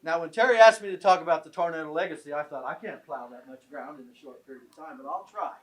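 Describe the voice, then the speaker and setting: A man's voice: a little high, fast. An older man from southern Illinois giving a folksy, joking speech at a tribute event in an event room. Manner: folksy, joking, self-deprecating. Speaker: guest speaker at a tribute event. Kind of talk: after-dinner speech with jokes and stories.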